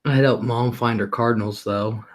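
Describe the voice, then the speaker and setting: A man's voice: mid-range voice, a little slow. A middle-aged man hosting a livestream, talking casually and rambling about his day, often laughing and swearing offhandedly. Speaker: livestream host.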